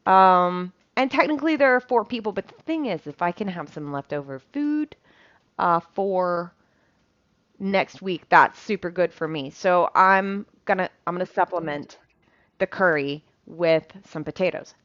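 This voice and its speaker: A woman talks through her cooking in a slow, unhurried ramble, with plenty of ums and the odd swear word. Her voice sits a little low. The sound is dry and slightly dull, as if from a basic mic. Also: expressive, fairly bright tone, dry recording. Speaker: cooking vlogger. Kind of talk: casual chat while cooking.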